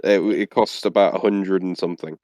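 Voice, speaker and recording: A man running a tabletop game as game master, hesitant and pausing with fillers while he tallies numbers. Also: low voice, steady tone, a little mellow, no room sound.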